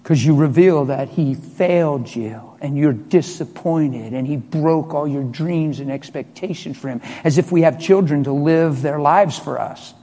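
A middle-aged man preaching a sermon as a pastor, telling a story with emphatic swings from loud to hushed. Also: fairly high pitch, unhurried, few pauses. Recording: long hall reverb.

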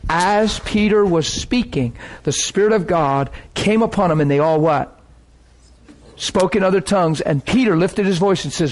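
High-ish guy preaching, telling stories and doing everyone's voices. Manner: animated, acts out voices. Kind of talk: sermon storytelling.

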